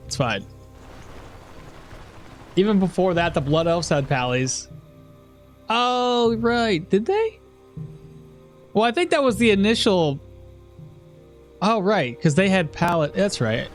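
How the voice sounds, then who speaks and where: A man streaming a game live, rambling and chuckling as he comments, swearing casually. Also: on the high side.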